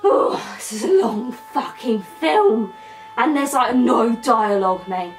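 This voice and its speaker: A woman's voice: on the high side, expressive, takes it slowly. A woman giving a crude, rambling comic film recap full of slang. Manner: slangy, crude, rambling, puts on silly voices. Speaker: comedy character reviewer. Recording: distant mic, faint music.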